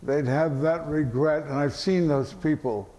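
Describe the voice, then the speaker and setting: An older man, a veteran actor answering questions at an event, halting with many fillers and dry deadpan jokes. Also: on the high side, a little hiss or hum. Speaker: interview guest, veteran actor. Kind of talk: relaxed panel conversation. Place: event hall with audience. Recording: echoey hall.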